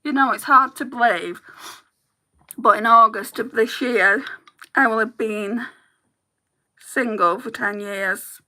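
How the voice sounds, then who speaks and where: A woman's voice: on the high side, slow, pauses often, pushed and bright. A woman chatting candidly to the camera while doing her makeup, telling stories with a chatty, open manner. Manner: chatty, candid storytelling with laughs.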